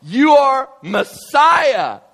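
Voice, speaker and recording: A man's voice: fairly high pitch, a little fast, natural voice. Man doing giddy, gushing disciples. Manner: excited, loud, gushing. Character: eager male disciples hyped about power.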